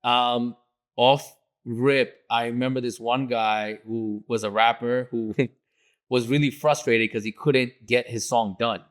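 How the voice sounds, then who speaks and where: Young male studio engineer as podcast guest, animated storyteller, mid-pitched, laughs easily. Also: a little slow. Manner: animated, laughs while telling anecdotes. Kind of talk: casual storytelling.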